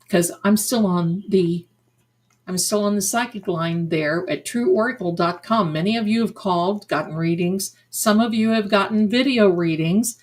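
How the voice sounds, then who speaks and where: An older woman hosting a psychic livestream in casual, effusive chat, full of endearments like "my darling.". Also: medium pitch. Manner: chatty and effusive, showering viewers with endearments. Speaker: psychic medium and livestream host.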